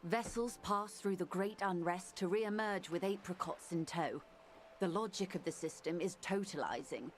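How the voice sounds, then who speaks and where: A woman's voice: on the low side, a little hiss or hum, lightly acted. A woman voicing a poised corporate negotiator. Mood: measured. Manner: measured, articulate, formal. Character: composed corporate negotiator woman, middle-aged, measured. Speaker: game character. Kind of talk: video game voice acting.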